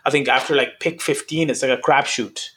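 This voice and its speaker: A man co-hosts a basketball podcast in loose, casual chat. He rambles through his points and keeps checking in with "right?". His voice sits at a middling pitch. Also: fairly even intonation, a little fast, bright, forceful tone, husky. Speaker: podcast co-host.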